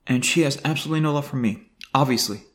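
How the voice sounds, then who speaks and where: An older man talking to the camera in a personal video diary, halting and emotional, with many fillers and restarts. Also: mid-range voice, fairly bright tone. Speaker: vlogger.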